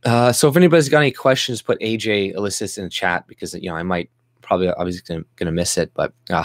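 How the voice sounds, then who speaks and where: A man's voice: low-pitched, quick pace, dry recording. A man hosting his own livestream, ranting in a rambling, profane, agitated way. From Canada. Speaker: vlog host. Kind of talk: livestream rant.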